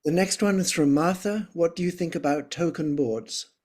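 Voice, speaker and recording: A man's voice: on the high side, normal speed, darkish tone. Man reading out viewer questions. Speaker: co-host reading audience questions.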